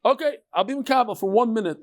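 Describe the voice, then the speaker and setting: A middle-aged man teaching a lively Talmud lesson to a live audience, mixing Hebrew and Yiddish terms and joking with listeners. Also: very high voice, fast, background noise. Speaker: rabbi teaching a daily Talmud class. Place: study hall with a live audience.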